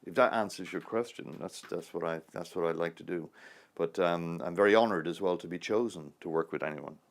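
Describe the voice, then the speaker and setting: A man in his sixties with a very low, deep voice talks about his acting life. He rambles from one anecdote to the next and chuckles as he goes. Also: brisk, vocal fry. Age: 60s. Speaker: actor. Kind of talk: interview answers.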